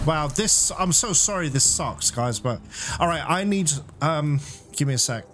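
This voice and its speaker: A man giving casual commentary while playing a video game blind, excitable, swearing and laughing, yelping in panicked moments. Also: fairly high pitch, normal speed, a little hiss or hum. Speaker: gamer playing a blind let's play. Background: game music.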